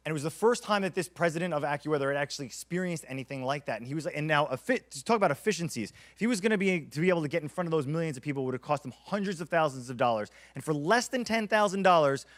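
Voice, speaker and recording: Fast-talking energetic keynote man. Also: fairly high pitch. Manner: energetic, storytelling, acts out quotes. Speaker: keynote speaker. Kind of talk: conference keynote talk.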